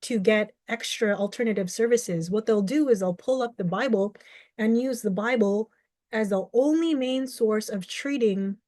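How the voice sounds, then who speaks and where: A woman's voice: mid-range voice, a little mellow, no room sound, clean studio sound. A young adult woman, a mental health advocate, giving earnest, reflective video commentary and explaining her view with everyday examples. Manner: acts out short quoted exchanges.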